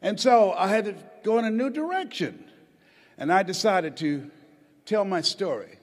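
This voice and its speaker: A man's voice: high-pitched, expressive, normal speed. A man giving a rousing motivational speech on a stage, urging the audience to respond. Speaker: motivational speaker. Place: stage before a live audience. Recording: long hall reverb.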